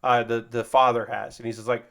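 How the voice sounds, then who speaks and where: A man talks casually as he works with his hands, wandering through a lively, rambling recap of an episode. His voice sits at an ordinary middle pitch, and he keeps the tone of an easygoing stream host. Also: brisk, gravelly. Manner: rambling, animated retelling of an anime episode. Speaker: streamer building a model kit. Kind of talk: casual chat while building.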